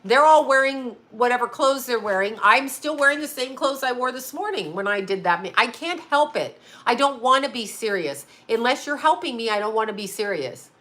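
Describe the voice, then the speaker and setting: A woman's voice: a little high, lively intonation, normal speed, few pauses, pushed and bright. A woman in her fifties, a psychic who hosts her own channel, talking casually and bluntly with lots of swearing and laughter. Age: 50s. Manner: blunt and profane, laughing often. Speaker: psychic medium and astrologer. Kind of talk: casual livestream chat.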